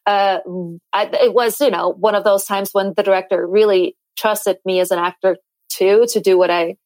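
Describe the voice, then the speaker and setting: A woman actress and director, talking at length in an animated, chatty way as a podcast guest. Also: mid-range voice, moderate pace, no room sound, poor audio. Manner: animated, talkative, many fillers and restarts. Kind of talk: casual interview chat.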